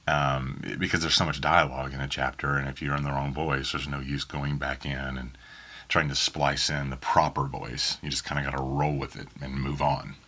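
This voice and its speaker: A man's voice: rumbling low, flat delivery, normal speed, bright, forceful tone. A man from Oklahoma with a faint Southern accent, an audiobook narrator answering interview questions in a rambling way full of ums. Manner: rambling, many ums and restarts. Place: small home booth in a spare bedroom.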